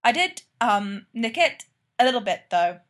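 A woman's voice: on the high side, very animated, unhurried, fairly bright tone. A woman reading aloud, voicing a curious, easygoing young man who talks hesitantly with fillers. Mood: tentative. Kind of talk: fan fiction read aloud.

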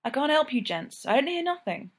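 A woman's voice: high-pitched, big pitch swings, brisk, pitched above the performer's own voice. A woman voicing a tight-lipped, uncooperative woman who answers curtly. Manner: curt, stubborn.

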